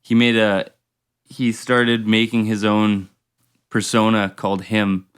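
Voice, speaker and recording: A young male musician with a smooth, resonant voice pitched a little low. He chats loosely and warmly about music, stringing thoughts together with casual fillers. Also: slow pace. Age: young adult. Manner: relaxed, enthusiastic about music, frequent "like". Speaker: band member guest. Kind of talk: casual interview chat.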